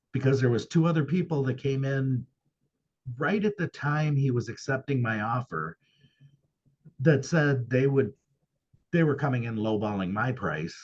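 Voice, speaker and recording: A man's voice: medium pitch, breathy edge, dull audio. A man who owns a paranormal venue, speaking as a guest in a casual interview and telling his experiences earnestly and emphatically.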